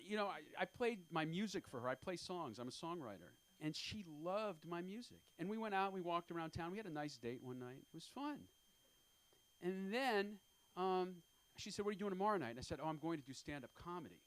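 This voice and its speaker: A man in his fifties doing an open-mic stand-up set on a comedy club stage. He talks in a rambling, self-deprecating way, halting often with fillers. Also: high-pitched, animated, fairly bright tone, clean tone. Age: 50s.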